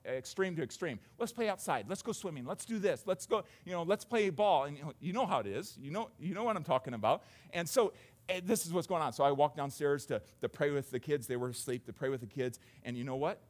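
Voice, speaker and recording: A man, a father of young children, preaching a sermon in a conversational way, often repeating words and swinging between hushed and raised delivery. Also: fairly high pitch, quick pace.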